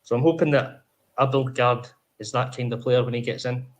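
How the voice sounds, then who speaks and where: A man's voice: mid-range voice, steady tone. A man, co-hosting a casual football podcast, chatty and opinionated. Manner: chatty, opinionated, fast-flowing. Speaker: podcast co-host.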